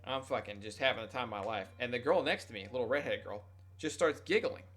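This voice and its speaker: A man's voice: medium pitch, quick pace, a bit bright, faint music behind. A young adult man streaming, casually telling a rambling, profane, self-mocking story to his chat.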